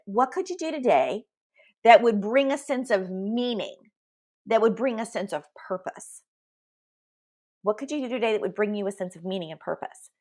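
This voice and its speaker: A middle-aged woman hosting a live motivational talk for leaders, upbeat and emphatic, speaking straight to her viewers. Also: medium pitch. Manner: upbeat, emphatic, addresses viewers directly with frequent "right?". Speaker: leadership coach and host.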